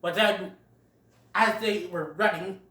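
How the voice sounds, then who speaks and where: Steady in tone, slow and fairly bright, the mid-range voice of a movie reviewer gives a casual, giggly retelling of a cartoon film with quoted lines. Roomy echo comes through since the mic is distant.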